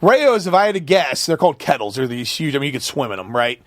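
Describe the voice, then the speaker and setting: Male podcast guest, high pitch, animated storyteller, dry close mic. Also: fast talker, dry recording. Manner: animated, storytelling with acted-out quotes. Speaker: guest, food company founder. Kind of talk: casual podcast chat.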